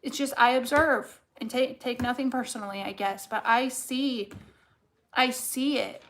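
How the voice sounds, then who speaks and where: A young woman with a fairly high voice reads tarot cards in a loose, casual way. She is blunt and fired up, and she swears constantly as she presses her point home. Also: steady tone, unhurried, fairly bright tone, slight background noise. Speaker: tarot card reader. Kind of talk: casual collective reading.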